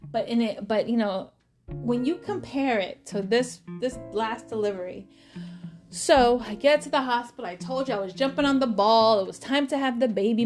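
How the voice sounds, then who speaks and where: Chatty mother-vlogger in her 30s, slightly high voice, animated storytelling, music bed underneath. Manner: chatty, animated, repeats words for emphasis. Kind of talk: casual storytelling to camera. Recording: voice over clear background music. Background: background music.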